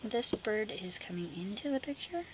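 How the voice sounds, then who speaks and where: A woman vlogging as she makes an art collage. She chats casually and sassily, talks to herself as she works, and often drops into soft whispers. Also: mid-range voice, normal speed. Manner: chatty, drifting into soft whispers; sassy, talks to herself while working. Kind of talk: casual chat while crafting. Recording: steady background noise with clicks.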